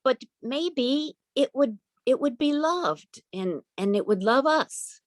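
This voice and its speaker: A woman's voice: high voice, animated, slow, dry recording, studio quality, voice pushed up. A woman voicing a timid little farm girl who pleads hesitantly, stumbling over her words. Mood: pleading. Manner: hesitant, stammering pleas.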